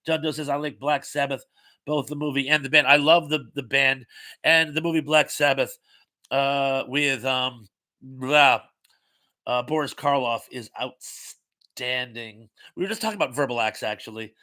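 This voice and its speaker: A man with a very bright, sharp-edged voice hosts a loose livestream chat. He reads viewer comments aloud one after another and rambles between them, filling gaps with ums and uhs. His pitch sits in the middle for a man. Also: moderate pace. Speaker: host.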